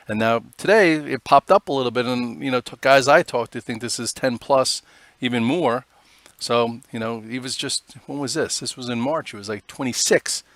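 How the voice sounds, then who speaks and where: A man's voice: medium pitch, fairly bright tone, no room sound. Casual man talking through stock charts. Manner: casual, rambling, many "um"s. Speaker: stock trading host. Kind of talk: live market commentary.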